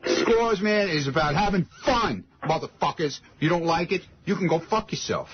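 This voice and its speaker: A man's voice: on the high side, lively intonation, moderate pace, natural voice. A man playing a boastful, drunken party-guy alter ego, ranting and cursing on a prank phone call. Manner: ranting, shouting, profane. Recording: dull clip played on radio with hiss.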